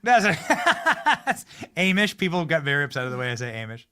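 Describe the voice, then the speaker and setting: A man hosting a live-streamed talk show from a studio, speaking in excitable casual chat and often repeating and restarting his phrases as he hypes guests. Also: fairly high pitch, normal speed, clean tone. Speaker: political talk show host.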